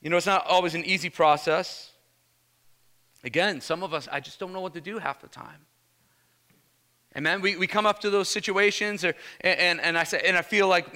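Fired-up high-voiced man preaching. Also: fairly quick. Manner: energetic, casual slang, repeated "Amen?" calls. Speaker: pastor. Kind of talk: sermon.

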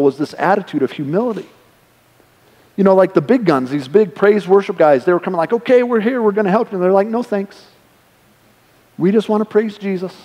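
A pastor in his forties delivers a sermon in a loose, conversational way, slipping into the voices of the people he quotes. His voice sits fairly high for a man. The sound rings with the long reverb of a church sanctuary. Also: warm tone.

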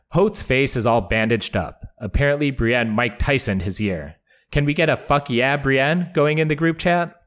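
A man hosting a podcast, recapping a book chapter with wry, profane asides and dramatic readings. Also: mid-range voice. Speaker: podcast host.

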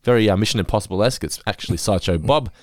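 A man's voice: lowish voice, very fast, a little mellow, dry recording, studio quality. A man, co-hosting a podcast in laid-back, sweary chat with frequent laughs. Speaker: podcast co-host.

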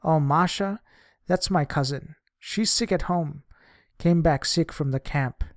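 A man's voice: fairly high pitch, unhurried, no room sound, clean studio sound. A man reading as a frank young cigarette girl. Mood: plain. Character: young street girl selling cigarettes, frank and hard-pressed.

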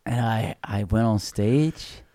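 Animated young man telling comedy stories. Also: lowish voice, slow, no room sound, studio quality. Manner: animated, swearing anecdotes with laughter. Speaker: comedian guest. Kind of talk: casual storytelling chat.

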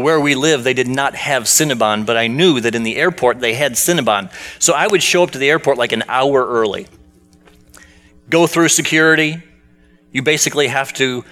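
A man's voice: medium pitch, bright, forceful tone. A man preaching a sermon in a conversational storytelling way, asking the congregation questions as he goes. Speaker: pastor.

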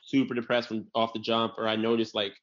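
Animated, swearing man on a lo-fi podcast. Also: fairly low pitch, brisk. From New York area. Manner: animated storyteller, acts out quotes, swears freely. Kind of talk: casual comedic chat. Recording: slightly dull lo-fi audio.

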